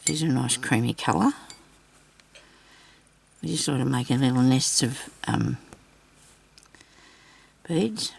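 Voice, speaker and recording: Gravelly, husky woman vlogger. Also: rumbling low, animated, slow, long pauses, a little mellow. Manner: chatty, rambling, talks directly to viewers. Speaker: craft vlogger. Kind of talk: casual crafting demonstration.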